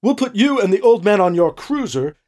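A cold, commanding woman with a scheming edge, as a man puts her on. Her lines come slow and clipped, pitched well above a man's usual register. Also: sing-song, a little mellow.

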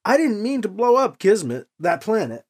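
A man's voice: high voice, big pitch swings, normal speed, a little mellow, voice pushed up. A man voicing an earnest young male rebel on the run, speaking in an urgent, defensive way in a storybook reading.

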